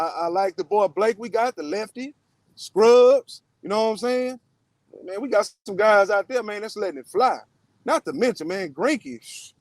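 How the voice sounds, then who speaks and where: A man's voice: high-pitched, dry recording. A man hosting a casual sports podcast, loose and slangy, full of "man" and "y'all".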